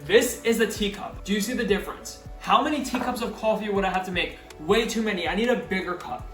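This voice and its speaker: A man with a fairly high voice chats playfully through a home cooking vlog and jokes with his viewers. He sounds a little far from the mic in a roomy, echoing kitchen, with faint music underneath. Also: quick pace, a bit bright. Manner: chatty, playful, jokey asides to viewers. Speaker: cooking vlogger.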